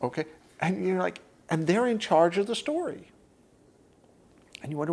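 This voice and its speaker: A man's voice: a little high, very animated, a little fast, vocal fry, long pauses, a little mellow, breathy edge. A man teaching a workshop group in a conversational way. He often checks in with "okay?" and acts out inner voices while he explains.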